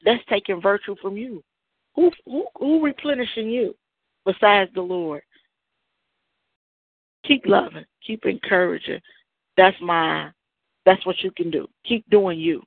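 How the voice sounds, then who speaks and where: Woman calling in, preachy and emphatic, middle pitch, phone-line sound. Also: unhurried, vocal fry, long pauses, dry recording. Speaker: caller. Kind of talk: encouraging call-in testimony. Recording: dry, tinny phone line.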